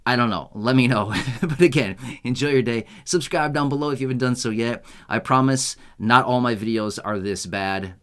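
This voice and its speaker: A man's voice: mid-range voice, normal speed, fairly bright tone, smooth. A young man from the United States, hosting a casual unscripted video in a rambling, self-mocking way and laughing often. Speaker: YouTube host.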